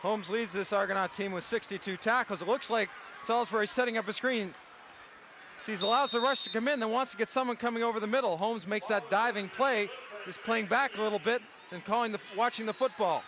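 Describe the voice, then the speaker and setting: A high-voiced man breaks down football replays as the color commentator, talking the listener through each step. Clear stadium noise stays behind his voice. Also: brisk.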